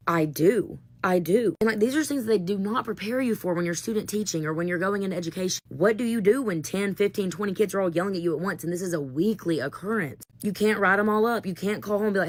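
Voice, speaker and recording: A young woman, a high school teacher, venting in a rambling, frustrated monologue full of fillers. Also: fast talker, few pauses.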